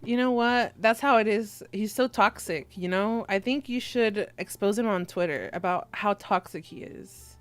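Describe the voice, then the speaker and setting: A woman's voice: medium pitch, normal speed, hardly any pauses, dry recording. A young woman streamer chatting casually with her viewers, teasing and giggling as she reads the chat aloud.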